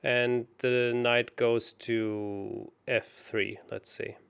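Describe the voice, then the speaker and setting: A man co-hosting a chess show, working through puzzles out loud in a hesitant, self-mocking way. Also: mid-range voice, level tone, extremely slow, gravelly, clear, resonant tone. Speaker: chess co-host solving puzzles. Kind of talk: casual puzzle-solving chat.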